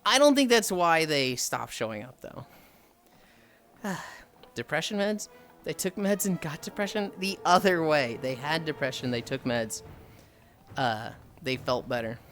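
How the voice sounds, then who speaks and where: A man's voice: on the high side, lively intonation, measured pace, fairly bright tone. A man with a Midwestern American accent, streaming live and chatting with viewers in a rambling, swearing way while he answers their messages. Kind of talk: casual chat with viewers.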